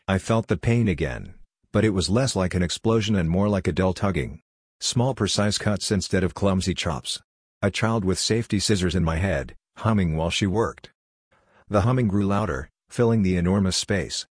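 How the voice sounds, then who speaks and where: Deep-voiced male story narrator. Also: slightly rough, no echo, clean studio sound. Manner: measured, steady reading. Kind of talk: scripted first-person story narration.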